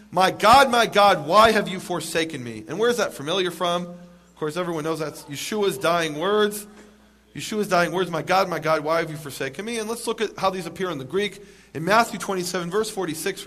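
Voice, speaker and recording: Man, lecturer, high voice, emphatic, rhetorical questions, dry humor. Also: a bit bright. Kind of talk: lecture to a live audience.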